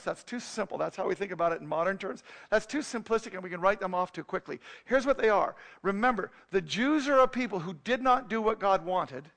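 A man's voice: high-pitched, vocal fry, a bit bright. A man preaching a sermon, telling a story and then teaching in an earnest, emphatic way.

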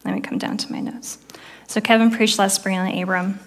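A woman's voice: medium pitch, steady tone, brisk. A woman, preaching and telling her own testimony in church with earnest storytelling. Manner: earnest storytelling, dropping soft for quoted prayers. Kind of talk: sermon testimony.

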